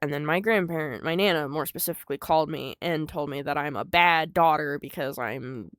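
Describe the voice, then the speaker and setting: A woman's voice: sits low, fairly quick, no room sound. Blunt, heavy-swearing young woman storyteller. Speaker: vlogger telling a personal story. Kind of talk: unscripted personal storytelling.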